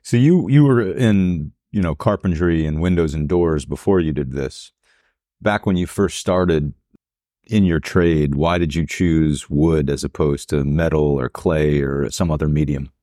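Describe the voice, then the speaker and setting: A man's voice: very deep voice, steady tone, a little slow, mellow, no echo, studio quality. A man hosting an interview, first reading an earnest, reflective introduction, then asking questions. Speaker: interviewer and host.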